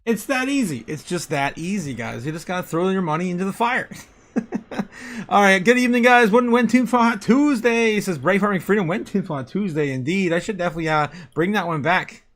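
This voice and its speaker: A man's voice: sits high, expressive, a little fast. A man hosting a casual crypto livestream, greeting chat members by name, repeating himself and chuckling often as he reads the charts.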